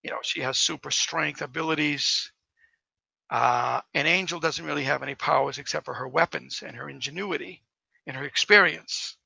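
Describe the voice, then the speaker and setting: A male author guest who tells stories in a rambling, enthusiastic way. His voice is gravelly and sharply bright. It sounds dry and close. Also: a little high, normal speed, no echo, low-quality recording. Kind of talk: casual interview.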